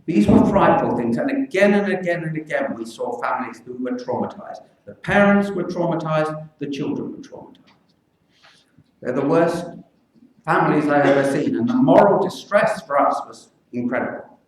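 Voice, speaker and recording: An older man, a children's physician, speaking earnestly and with measured pauses to a public meeting. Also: fairly high pitch, lively intonation. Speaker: pediatric infectious disease physician. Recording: echoey hall, mic from far off.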